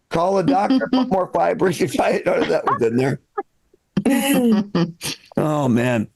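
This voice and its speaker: Gravelly older man doing self-deprecating stand-up. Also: sits high, very animated, slow, long pauses, a little mellow. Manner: self-deprecating, rambling, restarts often. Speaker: stand-up comedian. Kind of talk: stand-up comedy set.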